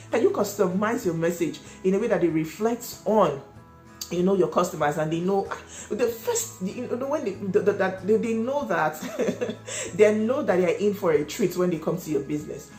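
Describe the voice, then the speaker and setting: A woman with a fairly low voice coaches small business owners, stressing and repeating her points. She sounds like she is in an echoey room, with faint music in the background. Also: expressive, normal speed, dark tone. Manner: emphatic, repeats key points, asks viewers questions. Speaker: cake business owner and channel host. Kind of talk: instructional vlog talk.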